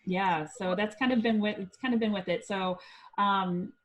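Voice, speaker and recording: A woman from Indiana, a psychic medium guest on a podcast, telling a personal story in a chatty, lively way with frequent ums. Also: mid-range voice, moderate pace, rough recording.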